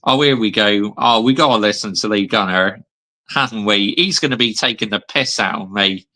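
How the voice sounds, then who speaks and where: A man's voice: lowish voice, moderate pace, sharp tone. A man in his thirties ranting on a fan vlog, heated and sweary, still seething after a defeat. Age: 30s. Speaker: football fan vlogger.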